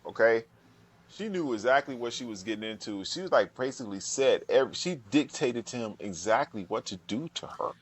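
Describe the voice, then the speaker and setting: A man's voice: medium pitch, expressive, a little fast. A man co-hosting a casual podcast about a film, talking bluntly and cursing freely. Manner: blunt, profane. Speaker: podcast co-host.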